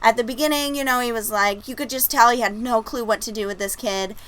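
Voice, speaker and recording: Bright, chatty woman in her thirties. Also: a little high, fast, rough recording. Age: 30s. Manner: chatty, laughing storyteller. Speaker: host. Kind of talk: casual livestream chat. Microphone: video call.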